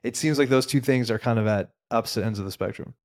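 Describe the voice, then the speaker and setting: A man hosting an interview, asking long halting questions. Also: medium pitch. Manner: rambling, halting questions with restarts. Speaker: interviewer host.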